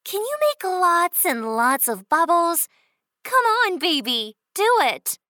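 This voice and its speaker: A woman doing a doting mother bunny from a children's storybook, with a high, bright voice that swoops up and down in a sing-song way. She speaks very slowly and soothingly, coaxing her little one along, and her voice sounds close and dry. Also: big pitch swings, dry recording, heavily acted. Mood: cheerful coaxing.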